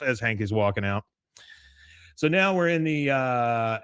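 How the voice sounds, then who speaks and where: A man's voice: medium pitch, animated, normal speed, pauses often, fairly bright tone, smooth, dry recording, studio quality. A man co-hosting a podcast, casually retelling episode scenes and quoting lines between laughs. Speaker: podcast co-host. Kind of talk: casual episode recap chat.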